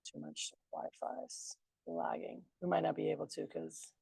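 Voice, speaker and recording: A woman's voice: low voice, huge pitch swings, a little slow, creaky, dark tone, husky, dry recording. Casting: upbeat woman, sales trainer, talking to a room, close and dry sound. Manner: chatty, upbeat, addresses the group as "you guys". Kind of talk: training a group. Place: meeting room with a large group.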